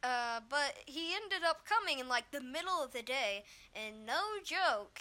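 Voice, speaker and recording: A young woman telling a storytime vlog about bullies at school, rambling and exasperated with lots of fillers, slightly hoarse after being sick. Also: high-pitched, pushed and bright. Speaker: vlogger.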